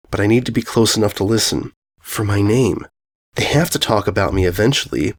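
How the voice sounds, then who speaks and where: A man narrating a first-person ghost story aloud, in a brooding, unhurried, musing way. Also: fairly low pitch. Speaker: audiobook narrator.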